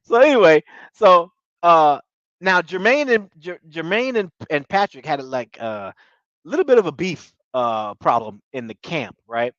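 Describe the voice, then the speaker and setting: A man's voice: fairly high pitch, big pitch swings, measured pace, a bit bright, no room sound. A man casually recapping a reality show in slangy talk, laughing often. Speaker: TV show reviewer. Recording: dull lo-fi dry audio.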